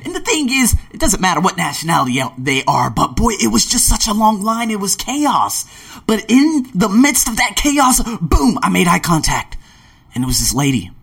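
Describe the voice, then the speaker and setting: A man's voice: high voice, sing-song, normal speed, gravelly, a bit bright, breathy edge. A man in his late twenties telling travel stories in a casual vlog, acting out scenes with gasps and little voices. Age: late 20s. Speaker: vlogger.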